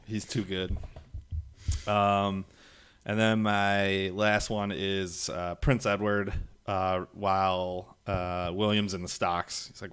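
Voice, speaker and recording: A man's voice: deep voice, level tone, slow pace, fairly bright tone, clean tone. A man co-hosting a casual movie review podcast, laughing often as he reads out favorite film quotes. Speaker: podcast co-host.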